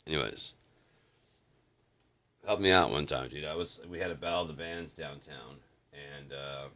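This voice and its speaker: A man with an extremely low, rough, gravelly voice tells a story in a loose, rambling vlog style. He swears constantly, backtracks and restarts his sentences, and sounds like he is chatting to the camera. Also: normal speed, sharp tone. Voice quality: very deep gravelly voice. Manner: rambling, profane, restarts often. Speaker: vlog host. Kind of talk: casual storytelling monologue.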